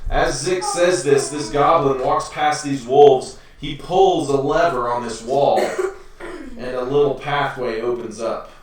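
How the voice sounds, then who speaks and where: A man's voice: medium pitch, fairly even intonation, slow pace. A man narrating a tabletop game as game master for his children, rambling with lots of fillers and restarts. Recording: echoey room from far off.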